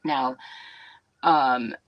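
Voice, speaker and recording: Speaking with a very deep, steady voice and drawn-out words, this business owner from Wisconsin runs a laid-back livestream. She rambles chattily, full of fillers and side comments to viewers, and the audio sounds dull.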